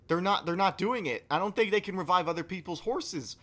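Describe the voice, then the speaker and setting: A man co-hosting a podcast, telling a story in casual chat and swinging from low mumbling to loud yelling. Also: normal speed, hardly any pauses. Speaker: podcast co-host.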